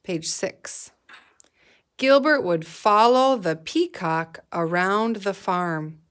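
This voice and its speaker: Slow, expressive woman teacher. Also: medium pitch. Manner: slow, clear read-aloud with expressive dialogue. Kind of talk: guided reading lesson.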